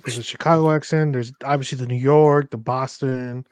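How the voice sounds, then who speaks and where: A man's voice: mid-range voice, fairly even intonation, normal speed, clear, resonant tone, no room sound. A man co-hosting a casual chat, mixing English and Spanish as he talks. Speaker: podcast co-host.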